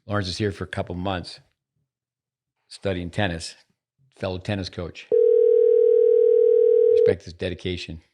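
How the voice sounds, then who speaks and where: A man's voice: low-pitched, little pitch movement, a little slow, pauses often, darkish tone, a little hiss or hum. An older man hosting a podcast, chatting in a teasing, rambling way with lots of restarts. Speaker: podcast host. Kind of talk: casual podcast chat. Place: at a table in a studio.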